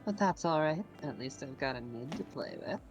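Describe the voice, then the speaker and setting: A woman teases her friends in a casual game chat. Her voice sits low-ish and moves widely in pitch. Faint music plays under her. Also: lively intonation, moderate pace. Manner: playful, teasing.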